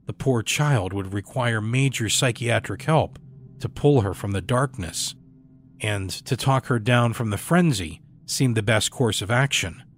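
A man reading a horror story aloud in a measured, dramatic storytelling delivery. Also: mid-range voice. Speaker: story narrator. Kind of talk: scripted horror narration.

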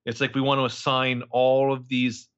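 A man with a mid-range voice co-hosts a casual podcast, animated and joking. His audio is somewhat dull and lo-fi. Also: mid-range voice, moderate pace, clear, resonant tone. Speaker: podcast co-host recapping a TV show. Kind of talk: casual chat.

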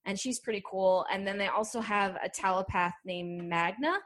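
A woman co-hosts a podcast in an easygoing discussion, speaking at a medium pitch. Her speech is loose and casual, full of fillers and restarts. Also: steady tone, moderate pace, a bit bright. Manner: casual, filler-heavy, "like" often. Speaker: podcast co-host.

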